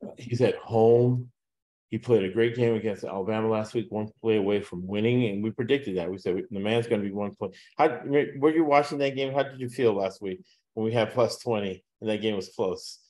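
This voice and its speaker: A man hosting a sports betting podcast, talking casually and loosely, with lots of "uh" fillers and quick laughs. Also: fairly low pitch, warm tone. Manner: rambling, frequent "uh" fillers, laughs at own jokes. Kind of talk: casual chat with picks.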